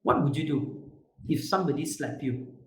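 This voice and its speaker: A man giving an online leadership talk to young people, animated and quizzing his audience. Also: mid-range voice, moderate pace, roomy sound, low-quality recording. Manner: animated, asks the group questions, repetitive fillers. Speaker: youth leadership speaker. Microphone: video call.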